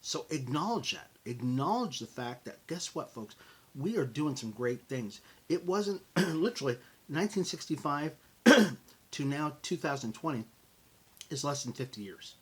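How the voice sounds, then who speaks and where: A middle-aged American man hosting a motivational podcast, talking in an animated, conversational way and calling his listeners folks. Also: a little high, measured pace, breathy edge. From United States. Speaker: podcast host.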